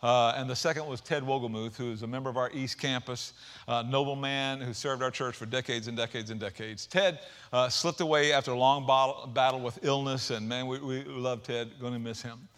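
A man preaching a sermon as pastor, animated, with folksy asides and rising emphasis. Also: mid-range voice, a little fast, smooth.

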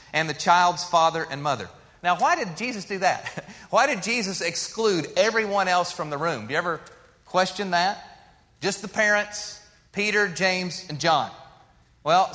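Bright-voiced male pastor in a reverberant church. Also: sits high. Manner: conversational preaching, rises for emphasis then drops soft and slow. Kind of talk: sermon. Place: church sanctuary. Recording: long hall reverb.

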